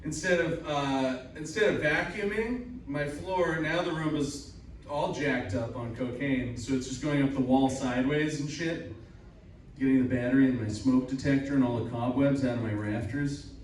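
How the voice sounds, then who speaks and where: A man's voice: medium pitch, moderate pace. A young man doing a stand-up comedy set at a live show, rambling, crude and self-deprecating. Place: upstairs room of a cider house at a live show. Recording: very echoey room, voice from far off, faint room noise.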